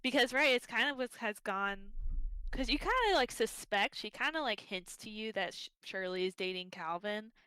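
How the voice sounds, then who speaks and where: A woman's voice: medium pitch, lively intonation, moderate pace, pushed and bright, smooth, no room sound. A young woman co-hosting a casual book club livestream, talking bluntly with lots of fillers and some swearing.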